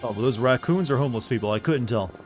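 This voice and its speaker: A man's voice: mid-range voice, fast, darkish tone, faint music behind. A man from the Southern United States casually commenting on a game he is streaming, rambling and wry as he chats with viewers.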